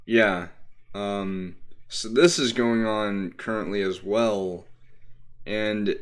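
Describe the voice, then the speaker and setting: A young man from Texas chats his way through a game stream, drifting between thoughts and picking up on what his chat says. His voice sits on the low side and he takes his time, with plenty of ums and uhs along the way. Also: extremely slow. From Texas, USA. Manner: rambling, answers chat, many fillers. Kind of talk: casual live-stream chat.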